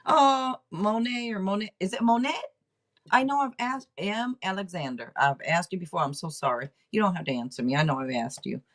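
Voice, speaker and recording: A middle-aged woman hosting a casual livestream tarot reading, rambling and chatting out loud to herself between readings. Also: on the low side, expressive, fairly quick. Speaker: tarot reader and livestream host.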